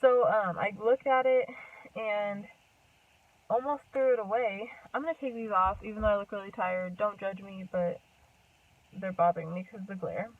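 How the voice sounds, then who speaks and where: A young woman chats to her camera, telling a long personal story in a loose, rambling way and filling pauses with "like" and "um". Her voice sits in a middle pitch and sounds thin and phone-like. She is set back from the microphone. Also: steady tone. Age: young adult. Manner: chatty, rambling, full of "like" and "um", laughs often. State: a bit out of breath. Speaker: vlogger. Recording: distant tinny phone-like sound.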